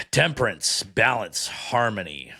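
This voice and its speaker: A man with a somewhat low voice hosts a podcast and reads card meanings aloud one by one. He picks them apart bluntly, with dry sarcasm and plenty of "um" and "okay". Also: expressive, slow pace, vocal fry, sharp tone, slightly rough. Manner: sarcastic, blunt, with frequent fillers. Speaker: podcast host. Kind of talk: critical commentary reading card meanings aloud.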